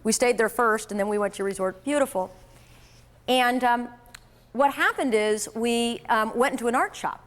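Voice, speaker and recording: A woman giving a motivational sales talk to an audience, telling a lively personal story in a conversational way. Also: on the high side, normal speed. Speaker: sales trainer.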